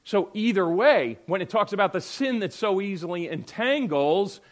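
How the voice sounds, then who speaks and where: A man pastor giving a conversational sermon, swinging between loud emphasis and quiet asides. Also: high voice, lively intonation, normal speed.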